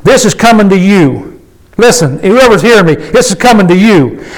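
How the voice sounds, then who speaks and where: High-voiced folksy preacher man. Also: lively intonation, normal speed, poor audio. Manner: folksy, emphatic, asks the congregation questions. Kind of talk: conversational sermon with call and response.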